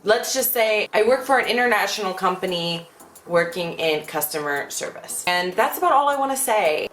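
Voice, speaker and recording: A young American woman vlogging a casual Q and A from her bedroom, chatty and animated, with lots of fillers. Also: medium pitch, moderate pace, echoey room. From United States. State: out of breath. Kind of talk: casual Q and A vlog. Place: indoors at home, bedroom.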